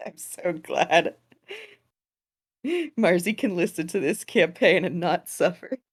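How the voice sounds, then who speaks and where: A woman's voice: on the low side, expressive, slow pace, long pauses, breathy edge. A woman game master chatting casually with players, laughing often and swearing freely. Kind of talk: casual chat after a tabletop game.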